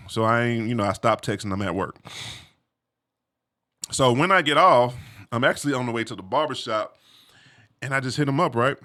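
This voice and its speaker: A man recounts a story from his own life in a loose, animated way, peppered with street slang and asides to the listener. His voice is bright and forceful, sitting at an ordinary middle pitch for a man. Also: a little fast, pauses often. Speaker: vlogger telling a personal story. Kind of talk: casual storytelling.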